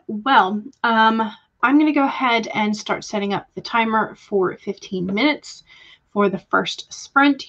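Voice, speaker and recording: Young Southern woman, casual stream host, friendly chatter, muffled lo-fi audio. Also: mid-range voice. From Georgia, US. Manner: chatty, greets viewers by name, laughs often. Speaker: livestream host. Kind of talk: casual livestream chat.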